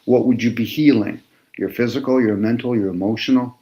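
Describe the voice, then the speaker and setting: Guy lecturing in casual chat, picks apart words, mid-pitched. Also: fairly even intonation, brisk, dull audio, noisy background. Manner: lecturing, wordplay on meanings.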